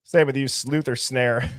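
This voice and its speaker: A man hosting a casual live stream, reading out viewer names and comments with loud greetings and laughs. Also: mid-range voice, fairly even intonation, takes it slowly, no echo, studio quality. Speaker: livestream host.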